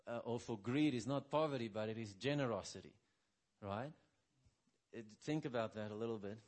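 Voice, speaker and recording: A middle-aged man preaching a sermon full of personal testimony, talking conversationally and often checking in with "right?", dropping soft and low when quoting his own words.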